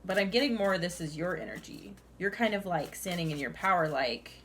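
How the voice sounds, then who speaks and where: A young woman talks through a tarot reading in a loose, chatty way, filling her lines with "like" and "you know what I mean", and breaking into laughter now and then. Her voice sits a little low for a woman. There is a faint hiss of noise behind her. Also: expressive, brisk, a bit bright. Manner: chatty, many "like"s, laughs often, addresses listener as "honey". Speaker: tarot reader.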